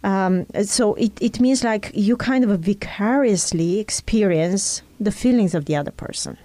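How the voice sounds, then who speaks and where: Warm-voiced woman explaining earnestly. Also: medium pitch, unhurried, no room sound. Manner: earnest, teaching tone with personal examples. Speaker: speaker in a conversation.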